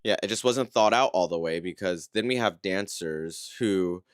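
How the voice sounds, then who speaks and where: A man giving a casual, conversational livestream breakdown of dance routines, critical but encouraging and often checking in with a quick "right?". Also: deep voice, clear, resonant tone, no echo, soft background music. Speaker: dance competition analyst.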